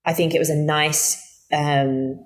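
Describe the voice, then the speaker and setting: Low-voiced woman in casual film chat. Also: level tone, unhurried, low-quality recording. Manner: chatty, hesitant with many fillers and restarts. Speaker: podcast co-host.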